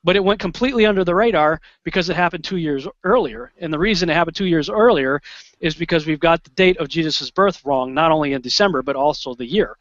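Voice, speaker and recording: A fairly high-voiced man talks as a guest, telling his story with excited energy and quick restarts. The sound is dull and lo-fi, with no room in it. He acts out his own reactions as he goes. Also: dry recording. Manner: animated, excitable, with restarts and quoted asides. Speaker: interview guest. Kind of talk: conversational storytelling.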